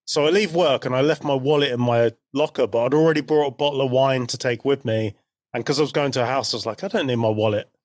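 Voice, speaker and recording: A man in his forties co-hosts a podcast, telling a story in a relaxed, chatty way. His voice sits at an ordinary pitch, and the recording is close and dry with no room sound. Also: fast talker, no echo. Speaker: podcast co-host. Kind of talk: casual chat.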